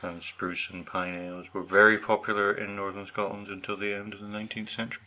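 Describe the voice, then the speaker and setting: A man's voice: on the low side, level tone, brisk, pushed and bright. A man co-hosting a podcast in casual chat, wry and jokey, often trailing into laughs. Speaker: podcast co-host.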